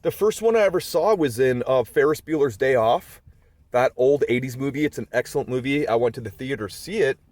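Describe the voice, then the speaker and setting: A man's voice: mid-range voice, brisk, darkish tone, no room sound. A man in his forties telling rambling, chatty stories about his dogs in a casual vlog. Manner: rambling, chatty storytelling with many asides. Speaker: dog owner vlogger.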